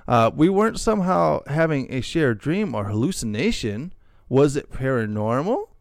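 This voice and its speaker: Gravelly middle-aged man reading aloud. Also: medium pitch, sing-song, normal speed, dry recording, studio quality. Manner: laughs often, jokey asides. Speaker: podcast host reading stories. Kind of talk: casual chat reading posts aloud.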